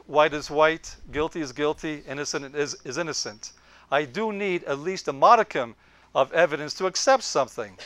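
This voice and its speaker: A man's voice: a little high, fairly bright tone, clear, resonant tone, dry recording. Older New man telling stories. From Brooklyn, New York. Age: 70s. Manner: anecdotal, leans in on quoted lines. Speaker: lecturer. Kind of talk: storytelling lecture.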